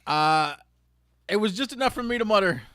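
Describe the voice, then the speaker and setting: A fairly high-pitched man talks on a casual podcast in an offhand way, sometimes mumbling with food in his mouth. The sound is dry and close. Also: lively intonation, moderate pace, sharp tone, no echo. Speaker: podcast co-host. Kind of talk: casual chat.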